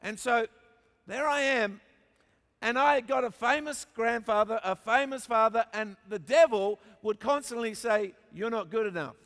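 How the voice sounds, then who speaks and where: A middle-aged man with an Australian accent, preaching a sermon as an animated storyteller who jokes with his congregation. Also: very high-pitched, measured pace. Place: large church auditorium. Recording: long hall reverb.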